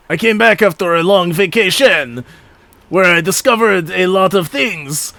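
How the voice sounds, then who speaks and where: A slow, grandly indignant factory owner in a bad French accent that keeps sliding into Russian, as a game master puts him on. He sits fairly high and keeps his claims unhurried. The voice is dry and close, with no room around it. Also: sing-song, vocal fry, fairly bright tone, dry recording, full character voice. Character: boastful male factory owner, self-proclaimed real Musketeer.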